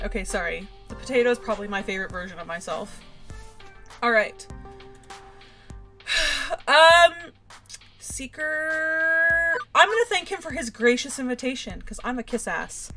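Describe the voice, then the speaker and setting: A woman's voice: fairly high pitch, bright, forceful tone. Giggly young woman streaming a game. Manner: giggly and jokey, reads game text aloud. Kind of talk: live-streamed game commentary.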